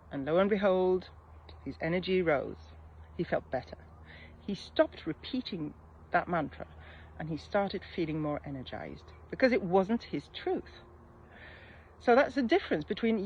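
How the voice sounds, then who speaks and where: A middle-aged woman talks through a coaching lesson in a reflective, unhurried way, often pausing on soft fillers. The recording sounds a little muffled. A faint noise sits underneath. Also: medium pitch. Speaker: mindset coach. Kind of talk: casual coaching talk.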